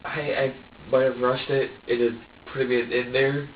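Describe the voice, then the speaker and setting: A man being questioned by police, recounting events in a halting way, repeating himself and acting out what he said. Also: medium pitch, level tone, a little hiss or hum. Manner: halting, repeats and restarts, reenacts his own words. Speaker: suspect in police interrogation. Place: police interview room. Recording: echoey, distant, phone-like archive audio.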